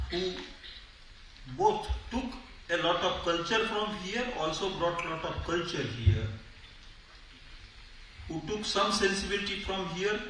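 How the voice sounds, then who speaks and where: A man's voice: high-pitched, sharp tone. A man giving a convention speech, discursive and full of hesitant fillers, with wry humor. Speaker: convention speaker. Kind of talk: public speech. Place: large convention hall. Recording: echoey hall, far from mic, faint noise.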